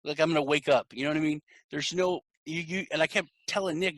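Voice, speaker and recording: A man's voice: a little high, quick pace. A man hosting a podcast interview, chatting casually and acting out the people he quotes as he tells a story. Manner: animated storytelling, acts out quoted reactions. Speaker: podcast host.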